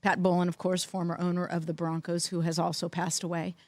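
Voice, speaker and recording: A middle-aged woman, co-host of a podcast, telling animated anecdotes in casual chat. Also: on the low side, a little fast, no echo. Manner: animated anecdotes, lively quoted voices. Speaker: podcast co-host, former team executive.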